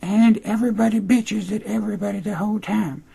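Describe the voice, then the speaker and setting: A man doing a mocking falsetto impression of a whiny, dramatic, self-pitying young woman. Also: steady tone, a little fast, gravelly, mellow, breathy edge, exaggerated voice. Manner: exaggerated sarcastic impression.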